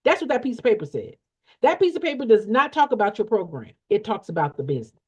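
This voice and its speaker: Here the same kind of funding coach talks fast and with great animation, her medium-pitched voice carrying a breathy edge. Blunt and sermonizing, she hammers points home through repetition and rhetorical questions, all in down-home slang. Audio quality is dull and lo-fi.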